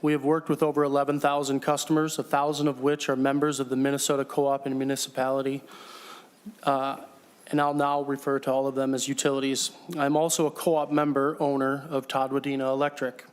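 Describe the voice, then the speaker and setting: A man, a company chief executive, giving measured, formal testimony before a legislative committee. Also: medium pitch, completely flat delivery, smooth. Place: legislative hearing room.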